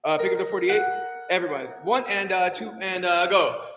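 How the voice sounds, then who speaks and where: A high-pitched man leads a choir rehearsal in a roomy hall with a long, ringing reverb. He gives brisk notes, counts the singers in and sings short syllables to show the phrasing, while music plays between his instructions. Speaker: choir director.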